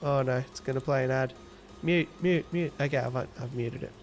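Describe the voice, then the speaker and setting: A man's voice: medium pitch, moderate pace, faint music behind. An Australian man hosting a casual livestream, reading viewer comments aloud and teasing them playfully. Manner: playful, teasing, laughs often. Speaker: livestream host.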